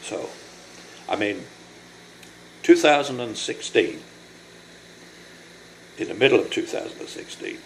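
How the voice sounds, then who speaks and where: An older man recording a personal video diary, speaking in a halting, apologetic, emotional way and short of breath from illness. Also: medium pitch, big pitch swings, vocal fry, slight background noise, poor audio. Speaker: vlogger.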